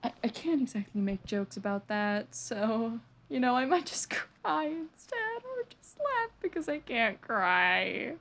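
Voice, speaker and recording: A woman hosts a casual read-aloud of a comic and reacts as she goes. Her delivery is halting and rambling, with frequent swearing and stumbles over words. She sounds drained and deflated throughout. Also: on the high side, big pitch swings, a bit bright. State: weary and deflated. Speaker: channel host reading a manga aloud.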